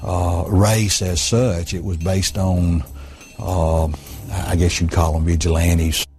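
A man answering an interviewer in a played clip, speaking haltingly and repeating words. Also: low voice, flat delivery, a little mellow, soft background music. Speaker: interviewed state legislator in archive clip.

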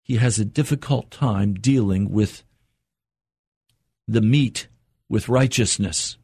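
An older man preaching an earnest radio sermon, his voice climbing higher as he presses a point. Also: slow, warm tone, breathy edge, no room sound. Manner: earnest, rising in pitch for emphasis and quotes.

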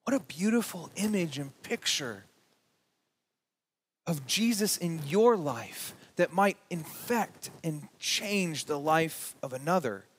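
A man preaching a sermon as pastor, with emphatic rising peaks and slow drawn-out words. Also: a little high, expressive, a little hiss or hum. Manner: reads scripture and quotes aloud.

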